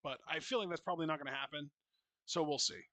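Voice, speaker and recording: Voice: medium pitch, fast talker, sharp tone, dry recording. A podcast co-host talking casually about wrestling, earnest and sympathetic to the wrestlers. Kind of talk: casual wrestling recap chat.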